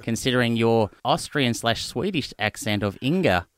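A male radio host interviewing a guest in a jokey, lively way. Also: medium pitch, normal speed, clear, resonant tone, no room sound.

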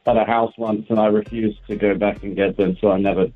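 A man's voice: lowish voice, little pitch movement, fast talker, narrow, tinny audio. A man with an English accent calling into a radio show, laid-back and amused. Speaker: radio caller. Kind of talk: phone call on radio.

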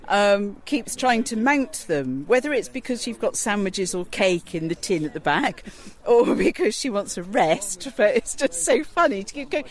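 A woman's voice: medium pitch, expressive, unhurried, hardly any pauses. A woman radio presenter chatting enthusiastically on an outdoor walk, recorded outdoors on a handheld recorder. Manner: enthusiastic, chatty, laughs often. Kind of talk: outdoor radio feature chat.

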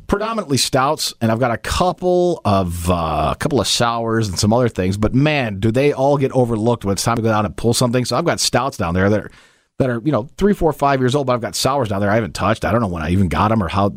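A man's voice: medium pitch, lively intonation, fast, dry recording, studio quality. A man hosting a casual podcast, chatting and rambling animatedly with his co-host. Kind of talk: casual chat.

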